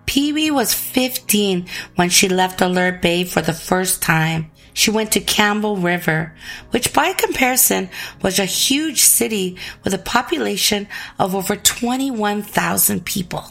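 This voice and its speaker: A woman's voice: medium pitch, expressive, measured pace, fairly bright tone. A woman hosting and narrating, who also chats and laughs along with her guest. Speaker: host and narrator. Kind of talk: documentary narration and chat.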